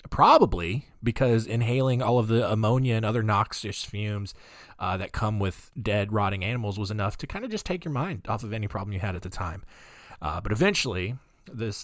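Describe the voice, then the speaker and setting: A man hosting a podcast, telling odd history stories in a rambling, jokey way, with a deep morning voice and lots of fillers. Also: fairly bright tone, no echo, studio quality. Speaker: podcast host. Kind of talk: casual comedic storytelling.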